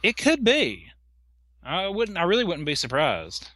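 Chatty rambling man, bright voice. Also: high voice, wildly swooping pitch, no echo, studio quality. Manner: rambling, halting, lots of restarts. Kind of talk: casual chat.

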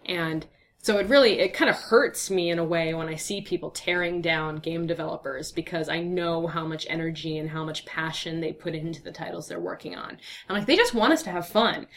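A woman's voice: deep voice, fairly even intonation, fairly quick. A young woman answering interview questions in a chatty, upbeat way with lots of fillers, her voice tired and a bit slurred from talking all day. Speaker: guest.

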